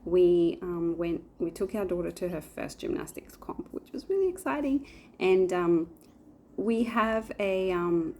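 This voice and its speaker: A woman's voice: lowish voice, vocal fry, a little mellow, a little hiss or hum. A woman in her forties chatting casually to camera in a rambling way, with lots of fillers. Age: 40s. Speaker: vlogger. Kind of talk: casual chat.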